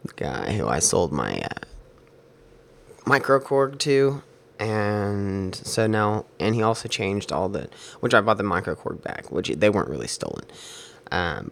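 Quiet, halting man with a gravelly voice. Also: sits low, lively intonation. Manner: quiet, halting, many fillers. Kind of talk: casual talk before a recording.

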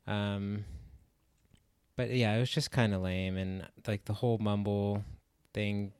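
A man with a low, smooth voice in a casual movie review chat, recorded dry and close. He hesitates a lot and fills gaps with ums and likes. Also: level tone, measured pace, darkish tone, no room sound. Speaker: podcast co-host.

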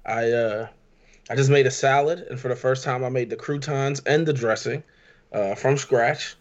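A man co-hosting a casual podcast, relaxed and joking, with frequent stammered restarts. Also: mid-range voice, moderate pace, dull audio. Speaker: podcast co-host.

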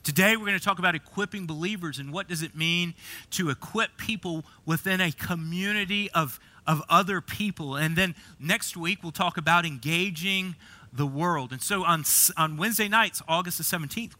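A man's voice: a little high, normal speed, pushed and bright. A middle-aged man preaching a sermon as pastor, telling a story and often repeating and restarting words.

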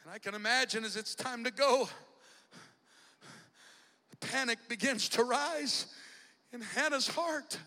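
A man preaching a sermon dramatically, shouting in a rhythmic whooping cadence with "uh" breaths. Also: very high-pitched, a little slow, pauses often, long reverb tail. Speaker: bishop preaching.

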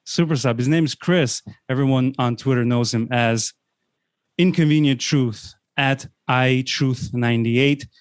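An energetic man hosts a football podcast in a casual chat, often restarting his sentences. His pitch sits in the middle range. The sound is close and dry. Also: measured pace, smooth, no room sound. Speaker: podcast host.

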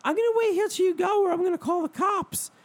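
A man mimicking a shrill, fussy middle-aged woman who scolds a stranger over a parking space. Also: quick pace. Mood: scolding. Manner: high nasal scolding tone.

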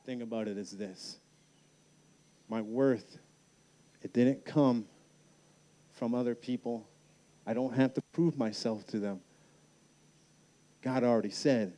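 A man speaking at a youth camp, telling his own story as a sermon, dropping soft and slow on key lines. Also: medium pitch. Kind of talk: sermon with personal testimony. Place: large hall at a youth camp.

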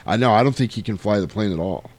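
A man casually recapping a movie, animated and profane, often jumping into the voices of the characters. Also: lowish voice, quick pace.

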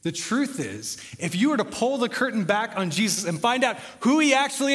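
This young pastor from the United States speaks in a high, sing-song voice that's a bit bright, moving a little fast with few pauses. His sermon shifts from casual conversation into passionate emphasis, all heard through long hall reverb.

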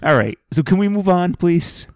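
A man's voice: high-pitched, big pitch swings, moderate pace, clear, resonant tone. A man co-hosting a casual movie-review podcast, recapping the plot with wry jokes. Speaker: podcast co-host.

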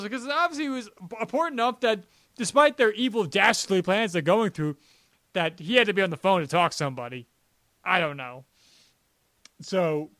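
Male podcast co-host, high voice, rambling and jokey. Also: bright, forceful tone, no echo. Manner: rambling, laughing, sarcastic, many "like"s. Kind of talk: casual chat.

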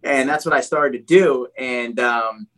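Young man, casual podcast guest, animated storyteller, keeps saying dude, restarts a lot. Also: medium pitch, unhurried.

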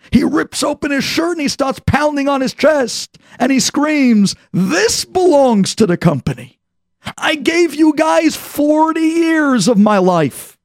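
A man's voice: extremely high pitch, darkish tone, dry recording, clean studio sound, pitched above the performer's own voice, full character voice. A man voicing a bitter aging senior manager who screams about the forty years he gave his company. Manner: screaming, pounding his chest.

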